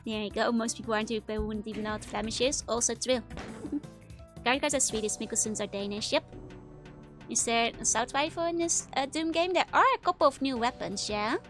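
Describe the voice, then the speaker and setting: A woman's voice: on the high side, a little fast, fairly bright tone. Young Dutch-accented woman streaming games. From Netherlands. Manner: chatty, laughs often, many "like" fillers. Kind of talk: casual gaming livestream chat. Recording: game music playing behind.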